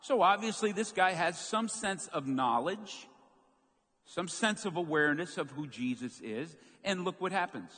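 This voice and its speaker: A man preaching a sermon as pastor, telling a story with lively, acted-out moments. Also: sits high, a little slow. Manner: animated storytelling, acts out quoted shouts. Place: church sanctuary. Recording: long church hall reverb.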